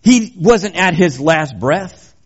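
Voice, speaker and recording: A male pastor delivering a sermon in a high voice at an unhurried pace. He speaks emphatically and builds to fervent proclamation. The recording sounds dull and lo-fi. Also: animated, slightly rough.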